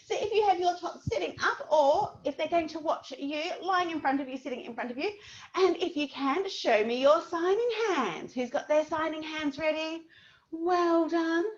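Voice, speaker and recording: A woman leading a parent-and-baby signing class, animated and sing-song, making animal noises for the little ones. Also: sits high, moderate pace, highs cut off.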